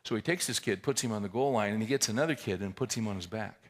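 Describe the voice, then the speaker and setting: A man preaching a sermon, telling a story in a conversational way that builds to loud, intense climaxes. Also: fairly low pitch, fast talker. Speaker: pastor.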